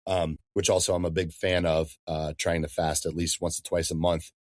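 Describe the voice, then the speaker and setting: Slangy animated male fitness coach. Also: sits low, moderate pace, dry recording. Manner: animated, slangy, says "dude" and "man" often. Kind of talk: casual podcast interview.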